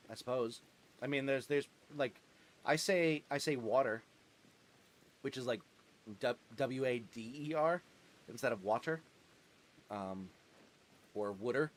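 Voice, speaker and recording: A young man with a New Jersey accent rambles casually while streaming a game. His voice sits at an ordinary mid pitch, and he laughs a lot, circling back over his words and filling gaps with ums and likes. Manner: rambling, chuckling, many fillers and restarts. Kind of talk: casual live-stream chat while gaming.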